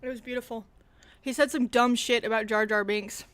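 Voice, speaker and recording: Sarcastic, profane woman streamer, high voice. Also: steady tone, a little slow, pauses often. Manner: sarcastic, profane, swings from mutters to loud rants. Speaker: political streamer. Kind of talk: casual livestream commentary.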